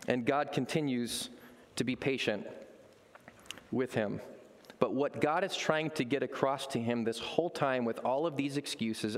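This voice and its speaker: A man's voice: medium pitch, measured pace, long reverb tail. A man preaching a sermon as a pastor, telling stories with energy and acting out voices. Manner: animated storytelling, acts out voices.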